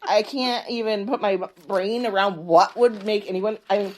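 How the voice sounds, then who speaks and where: Woman in her forties, podcast co-host, casual chat, emphatic and laughing, mid-pitched voice. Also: normal speed, a little hiss or hum. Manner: animated, emphatic, laughing often.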